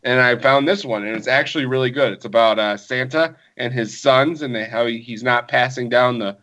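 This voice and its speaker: A man's voice: medium pitch, brisk, pushed and bright, dull audio. A man in casual chat, laid-back and slangy, trading opinions on movies.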